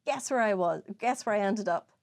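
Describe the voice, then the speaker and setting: A young adult woman co-hosting a casual podcast chat, an animated storyteller who swears freely and acts out her own past lines. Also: medium pitch, brisk, gravelly. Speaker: podcast co-host. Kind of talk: casual chat over whiskey tasting.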